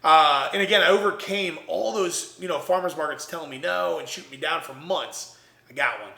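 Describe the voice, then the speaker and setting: A young man, a podcast guest, telling an animated story and acting out the voices of the people in it. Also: fairly high pitch, fairly quick, creaky, roomy sound. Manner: energetic, acts out quoted voices.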